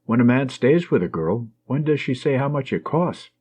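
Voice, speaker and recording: An affectionate young nurse, teasing and fond, as a husky male narrator puts her on. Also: medium pitch, sing-song, normal speed, a little mellow. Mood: tender. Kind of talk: audiobook reading. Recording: dull lo-fi recording.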